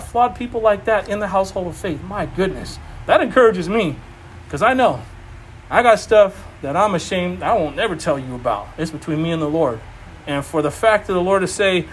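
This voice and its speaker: A man preaching an informal sermon, animated and emphatic, repeating phrases and laughing often. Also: sits high, moderate pace, slight background noise. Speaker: preacher teaching a Bible study.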